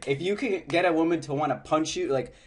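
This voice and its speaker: A man's voice: a little high, fairly quick. A man giving casual dating advice, chatty and loose, laughing often and filling his talk with "like" and "you know.". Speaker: dating coach.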